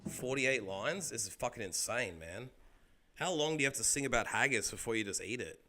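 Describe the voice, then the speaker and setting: An Australian man streaming a game, chatting casually with viewers in an excitable, rambling way and swearing freely. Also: medium pitch, brisk. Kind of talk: casual chat while gaming.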